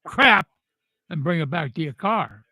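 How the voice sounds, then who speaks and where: A man's voice: on the high side, animated, a little slow, bright, forceful tone, no echo, low-quality recording. An older man telling a personal story in a casual, angry and blunt way, swearing freely. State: upset. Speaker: vlogger telling personal stories.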